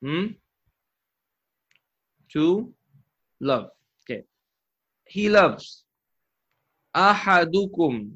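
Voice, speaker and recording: A man's voice: a little high, moderate pace, long pauses, fairly bright tone. A man teaching Arabic grammar in a live lesson, patient and encouraging, drilling terms aloud. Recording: muffled lo-fi audio.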